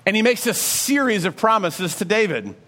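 A male pastor preaching a sermon in a conversational, animated way, with frequent rhetorical questions and asides to the congregation. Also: sits high, normal speed.

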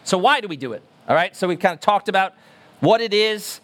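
A man's voice: high voice, expressive, fairly quick, fairly bright tone. A man preaching a sermon as pastor, emphatic and earnest, repeating words for stress.

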